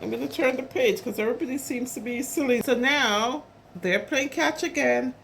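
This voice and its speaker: A woman's voice: sits high, normal speed, gravelly, slight background noise. A woman reading a picture book aloud to preschoolers, chatting about the pictures as she goes. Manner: animated, chatty, commenting on the pictures. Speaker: storyteller for preschoolers.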